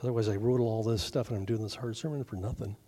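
A middle-aged male pastor preaching a sermon in a conversational way, with joking asides and quick acted-out voices. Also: fairly low pitch, fairly even intonation, mellow, a little hiss or hum.

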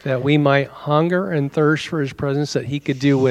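A man preaching from the pulpit of a church, his voice pitched a little high for a man. He keeps it animated and conversational, tossing asides to the congregation between his points. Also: moderate pace. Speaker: pastor. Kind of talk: sermon.

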